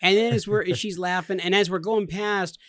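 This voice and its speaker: Animated high-voiced storyteller man. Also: fairly quick, no echo. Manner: animated, laughing, acts out quotes. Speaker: podcast co-host telling a story. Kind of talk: casual storytelling.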